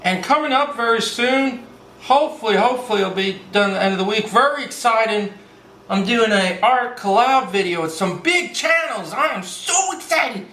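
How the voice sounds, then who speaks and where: A man's voice: sits high, moderate pace, a bit bright, reverberant, slight background noise, low-quality recording. A man hosting a casual step-by-step drawing lesson, upbeat and playful, tossing in "baby" and little sung bits. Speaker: drawing tutorial host.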